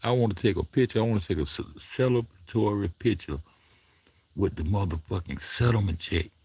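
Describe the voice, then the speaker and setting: A man in his own vlog, reacting to clips in a coarse, rambling rant full of swearing. His voice is gravelly and husky, with a mellow, dark tone, recorded dry and close. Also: lowish voice, a little fast, no room sound. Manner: rambling, coarse, talks back at the screen. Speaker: commentary vlogger. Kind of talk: profane reaction commentary.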